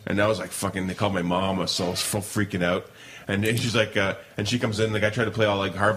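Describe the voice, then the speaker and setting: A man's voice: lowish voice, fast, a little hiss or hum. A man co-hosting a casual comedy podcast, telling stories animatedly, acting out voices and laughing often. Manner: animated storyteller who acts out voices, laughs a lot. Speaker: podcast co-host.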